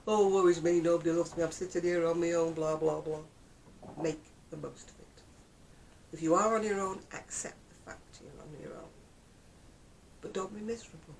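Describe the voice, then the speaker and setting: An older woman from the north of England chats to camera in a homely vlog. Her voice is gravelly and swoops up and down with lively, exasperated humour. A faint low rumble sits behind her. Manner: chatty, exasperated ranting with mock voices. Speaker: vlogger. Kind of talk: casual chat to camera.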